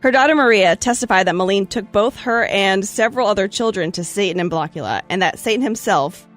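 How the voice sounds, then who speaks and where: A woman's voice: medium pitch, animated, fairly quick, soft background music. A woman hosting a podcast, telling a history story in a breezy, chatty way with playful asides. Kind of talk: casual storytelling chat.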